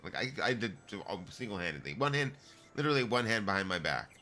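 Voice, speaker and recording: Deep-voiced middle-aged man, casual gamer, forceful wisecracking delivery, faint music behind. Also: very animated, fast. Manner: joking, self-mocking, laughing asides. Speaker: video game streamer. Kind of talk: casual gaming stream, reading dialogue aloud. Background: faint game music.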